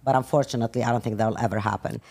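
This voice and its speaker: A woman's voice: very deep voice, fairly even intonation, very fast, darkish tone, breathy edge. A middle-aged woman from Iraq with an Iraqi accent, telling family stories in a casual podcast chat and speaking up sharply when teased. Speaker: guest, host's mother.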